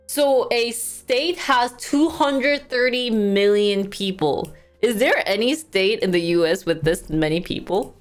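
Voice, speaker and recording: A woman live streamer talks slowly and casually, chatting with her viewers and reading news aloud. She sometimes trips over difficult words. Soft music plays faintly behind her. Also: medium pitch. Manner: chatty, thanks donors, stumbles over hard words.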